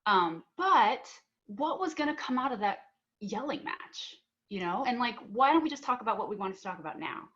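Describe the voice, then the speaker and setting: This panel speaker, a young adult woman, has a slightly high, animated voice at a moderate pace and a bit of brightness, captured in dull audio. Earnestly sharing something personal, she acts out both sides of an argument, stumbling through fillers and restarts.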